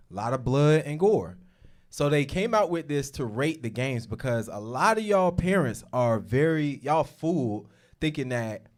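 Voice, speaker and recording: A man hosting a casual discussion, explaining things informally and emphatically. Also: medium pitch. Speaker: show host.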